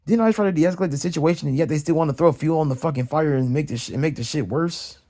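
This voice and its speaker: A young man ranting heatedly in a casual vlog, swearing often and repeating himself as he vents. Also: fast. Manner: profane, heated, repetitive ranting; swings high and loud when mimicking others. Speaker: vlogger ranting. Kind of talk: casual rant.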